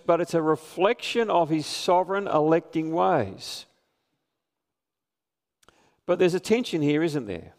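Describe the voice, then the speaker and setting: In a church sanctuary, a man preaches a sermon in an earnest, conversational manner, putting questions to his congregation. His voice is on the high side with a darkish tone, and the live church stream carries a long reverb.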